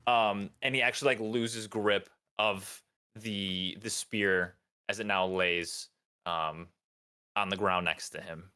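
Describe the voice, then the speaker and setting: A man with a lower voice and a bright, forceful edge narrates a tabletop game as dungeon master. He talks haltingly, full of ums and restarts. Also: steady tone, clean tone.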